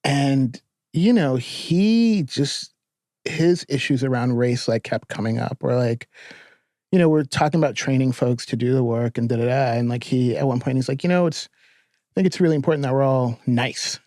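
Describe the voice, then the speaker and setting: A middle-aged man from New York, a podcast guest telling stories in a lively, profane, laughing way. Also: medium pitch, moderate pace, no room sound, clean studio sound. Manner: animated, profane storytelling with frequent laughter. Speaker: podcast guest, therapist and filmmaker. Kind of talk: casual storytelling interview.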